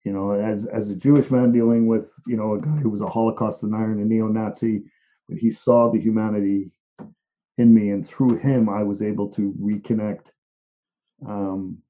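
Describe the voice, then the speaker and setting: Middle-aged man, reflective storyteller, low-leaning voice, halting and emotionally open, tinny phone-like audio. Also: fairly even intonation, mellow. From England, Liverpool. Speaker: speaker sharing a personal story. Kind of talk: personal storytelling talk. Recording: narrow phone-like sound.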